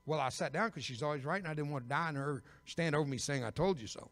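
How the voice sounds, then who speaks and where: An older man preaching a personal testimony sermon as an evangelist, telling his story with bursts of loud emphasis and dry humor. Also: fairly high pitch, fast talker. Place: church sanctuary. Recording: long reverb of a big church.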